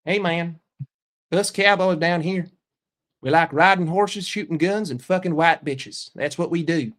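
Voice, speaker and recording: A man's voice: on the high side, unhurried, a bit bright. A man doing a swaggering Southern cowboy.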